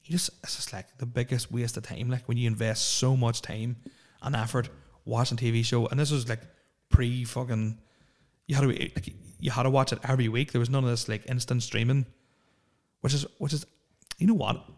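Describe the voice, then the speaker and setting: A man's voice: mid-range voice, steady tone, normal speed, darkish tone. A man, hosting a solo podcast and ranting in a profane, opinionated, rambling way. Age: 30s. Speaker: podcast host.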